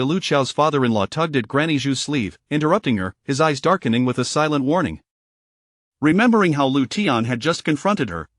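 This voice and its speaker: A man narrating a web novel audiobook in an even, plain storybook reading. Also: a little high, a little fast, no echo, studio quality.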